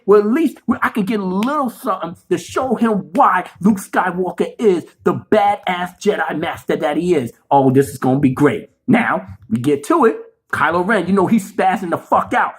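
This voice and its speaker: A man doing a profane, animated film review rant, cursing freely and acting out the scenes he describes. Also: sits high, normal speed, hardly any pauses, husky. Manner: animated, swears a lot, acts out scenes. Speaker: movie reviewer.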